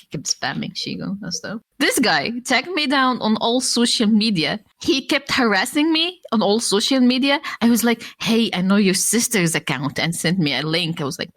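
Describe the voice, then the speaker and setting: A woman in a casual chat, telling a story with lots of energy. She acts out the other person's lines with her voice jumping way up, laughs through the telling and swears freely. Her speaking voice sits at an ordinary middle pitch. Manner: animated, acts out quotes in raised pitch, laughs often, swears. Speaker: former e-pal guest.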